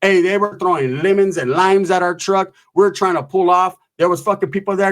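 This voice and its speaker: A man's voice: sits high, fairly even intonation, fairly quick, hardly any pauses. Man telling a rambling street story. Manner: rambling, profane, frequent tag "right?". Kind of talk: casual comic storytelling.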